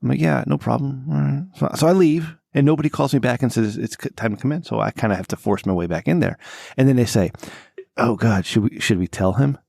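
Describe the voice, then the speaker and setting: Man, podcast co-host, gravelly voice, dry close mic, casual swearing storyteller. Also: quick pace, dry recording. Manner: animated, profane, voice jumps high when exasperated.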